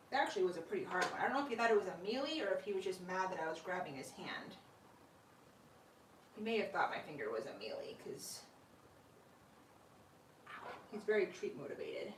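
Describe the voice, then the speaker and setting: A woman's voice: medium pitch, a little hiss or hum. A woman host chatting casually on a live stream at home, talking fondly to her pets and laughing often. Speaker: sugar glider owner and channel host. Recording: roomy room with mic at a distance.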